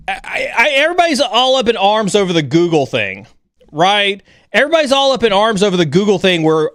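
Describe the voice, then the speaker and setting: A man hosts a livestream chat, speaking bluntly and energetically and at times mocking others with an overreactive voice. His voice is a little high, expressive, fairly quick and a bit bright. The recording is studio quality with no room sound.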